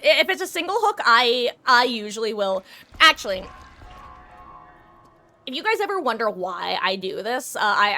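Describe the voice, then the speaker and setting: Bright-voiced woman streamer chatting. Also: fairly high pitch. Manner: rambling, candid, swears casually. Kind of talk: casual chat while gaming.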